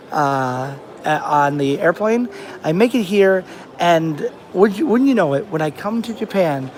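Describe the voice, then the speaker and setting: A man's voice: high voice, a little hiss or hum. A young American man vlogging outdoors, telling a long travel story in a chatty, rambling way with many restarts. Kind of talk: casual vlog storytelling. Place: outdoors on a rainy beach. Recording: faint outdoor ambience.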